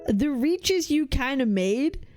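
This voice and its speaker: A woman's voice: high voice, animated, slow, music in the background. A woman streamer doing livestream reaction commentary, blunt and heated, swearing as she argues with her chat.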